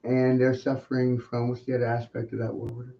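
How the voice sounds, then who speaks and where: A man's voice: medium pitch, completely flat delivery, brisk, creaky. A man hosting a livestream, delivering a taunting monologue full of repetition and rhetorical questions. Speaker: livestream host. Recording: muffled lo-fi stream audio.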